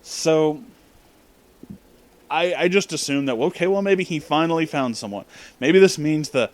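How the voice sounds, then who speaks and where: A man telling a story in a casual, profane rant, breaking into loud disbelieving outbursts. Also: fairly high pitch, moderate pace, no room sound. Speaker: storytelling vlogger.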